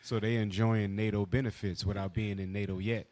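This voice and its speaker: A man's voice: fairly low pitch, level tone, fairly quick, a little mellow. A man on a discussion panel, speaking frankly in casual talk.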